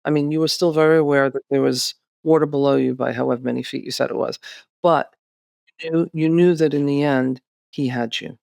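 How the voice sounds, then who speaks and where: A woman co-hosting a podcast, explaining things in a calm, reflective, therapeutic way. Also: low-pitched, a little fast, gravelly, no echo, studio quality. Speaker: podcast co-host.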